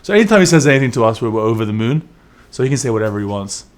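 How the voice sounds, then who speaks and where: Easygoing male bassist. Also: very animated, rapid-fire. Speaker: band bassist. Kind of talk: casual interview answers.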